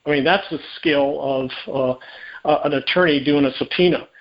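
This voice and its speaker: A man, a private investigator, telling a case story in an interview, lively and full of restarts, acting out dialogue. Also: on the high side, normal speed. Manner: animated, acts out quoted dialogue, many restarts. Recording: dull lo-fi audio.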